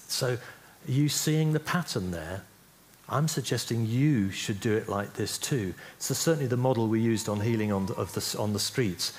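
A man's voice: lowish voice, normal speed, slight background noise. A man teaching a church group how to pray for healing, speaking conversationally and often checking in with "yeah?". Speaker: preacher teaching on healing prayer.

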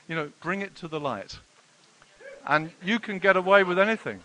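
A middle-aged man preaching a sermon, telling stories with sudden loud exclamations and hushed, earnest passages. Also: high-pitched, lively intonation, fast, no echo, poor audio. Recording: faint hiss.

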